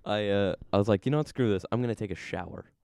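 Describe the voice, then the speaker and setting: A man's voice: on the low side, quick pace, dark tone, clear, resonant tone, no room sound, studio quality. A young man chatting casually, telling a rambling story and laughing at himself as he goes. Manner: rambling, self-amused storytelling. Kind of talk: casual chat.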